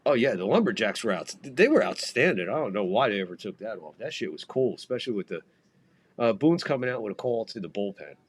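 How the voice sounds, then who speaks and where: A man's voice: on the low side, big pitch swings, fast, husky. A man hosting a podcast and calling a baseball game live, in a profane, rambling, jokey way. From United States. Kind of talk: casual live game commentary.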